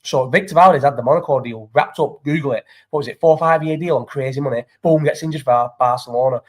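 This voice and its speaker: A man's voice: medium pitch, quick pace. A young man from Falmouth, England, hosting a casual live chat and ranting about football with plenty of swearing. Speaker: podcast host.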